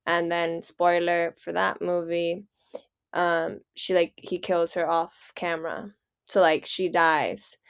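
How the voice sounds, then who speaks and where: A woman's voice: on the low side, level tone, slow, creaky, clear, resonant tone. A woman co-hosting a casual podcast, explaining her ideas thoughtfully with plenty of "like" fillers. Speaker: podcast co-host. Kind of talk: casual chat.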